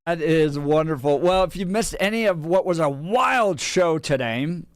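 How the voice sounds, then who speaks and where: A man's voice: a little high, expressive, normal speed, dry recording. A man hosting a talk radio show, recapping the day's segments and bantering casually with his co-host into a studio microphone.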